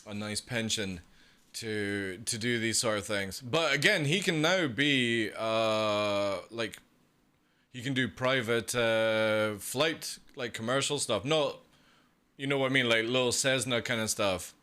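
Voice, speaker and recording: A man reacting casually on a live stream, excitable, swearing freely and laughing often. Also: medium pitch, measured pace, smooth.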